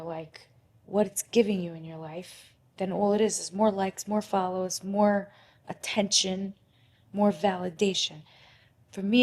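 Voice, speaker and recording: A woman's voice: mid-range voice, a little mellow. A young adult woman speaking as a podcast guest, candid and emotional, acting out her own inner thoughts aloud.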